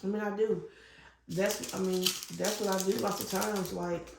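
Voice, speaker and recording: A middle-aged woman with a gravelly, creaky voice chats casually to her viewers, rambling and piling up fillers as she tells a story. Her voice rings around an echoey room with a faint hiss behind it. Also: mid-range voice, normal speed. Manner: gets loud and excited when retelling a scare. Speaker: crafting channel host. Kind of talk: casual chat while crafting.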